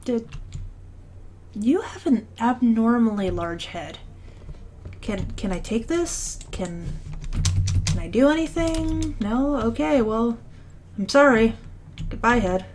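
A woman's voice: fairly high pitch, slow, long pauses, slight background noise. A woman hosting a let's play, commenting casually on a game with many fillers and restarts.

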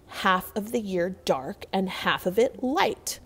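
A woman voicing a big, fat, lazy male bear who talks in a gruff, bossy way. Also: mid-range voice, expressive, slow pace, exaggerated voice. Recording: long hall reverb.

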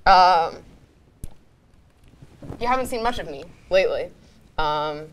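A woman's voice: fairly low pitch, lively intonation, slow, slight background noise, rough recording. A young woman producing a student TV show, giving a rambling farewell speech while crying, apologizing and laughing through tears, with many ums. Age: young adult.

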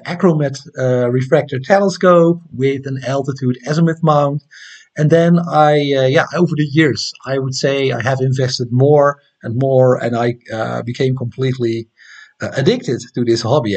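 Dutch guy rambling on an astronomy livestream, lots of ums, mid pitch, friendly. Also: a little mellow. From Netherlands. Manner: hesitant, many ums and restarts, friendly. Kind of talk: casual live-stream chat reading viewer comments.

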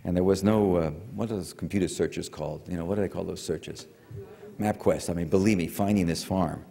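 Older guy with a low voice rambling through a lecture, lots of ums, big echoey hall. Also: a little fast, creaky, dark tone. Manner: rambling, digressive, many fillers and restarts. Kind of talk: public lecture storytelling. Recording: reverberant hall.

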